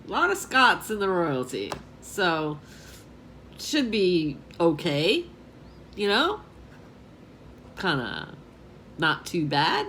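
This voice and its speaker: A woman's voice: medium pitch, a bit bright, a little hiss or hum. A woman in her twenties from New York, telling a rambling story on her vlog and often laughing at herself. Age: 20s. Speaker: vlogger.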